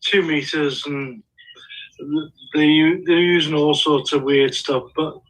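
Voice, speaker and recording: A man's voice: a little high, fairly even intonation, fairly bright tone, low-quality recording. A man, an actor from England, chatting casually on a video call with many restarts and small laughs. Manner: halting, lots of restarts and laughs. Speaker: actor guest.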